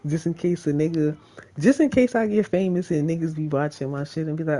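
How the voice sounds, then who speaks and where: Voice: mid-range voice, fairly quick, warm tone, a little hiss or hum. A vlogger talking in a casual, rambling monologue straight to the camera, swearing freely and laughing often.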